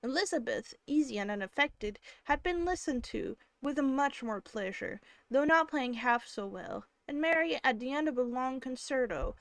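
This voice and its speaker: A woman with a fairly high voice reads a classic novel aloud on a live stream, narrating in a steady, even way. She speaks close to the mic, and the sound is dry with almost no room echo. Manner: steady narration with casual asides. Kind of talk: live-stream book reading.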